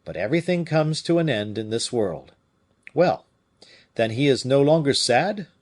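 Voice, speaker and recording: A man voicing a proud, weary middle-aged musketeer in an audiobook reading, speaking in a raised, lively, indignant way. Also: mid-range voice, moderate pace, pitched above the performer's own voice, natural voice. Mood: curious.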